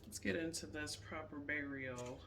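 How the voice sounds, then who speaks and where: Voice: medium pitch, moderate pace, pushed and bright, far from the mic, a little hiss or hum. A tarot reader giving a casual pick-a-card reading, emphatic and repetitive. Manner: repetitive, emphatic, says "period" often.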